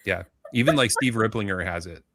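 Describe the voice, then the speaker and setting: Easygoing low-voiced man from Indiana. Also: fairly quick, sharp tone, no echo, clean studio sound. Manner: easygoing, rambling, self-deprecating. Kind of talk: casual chat.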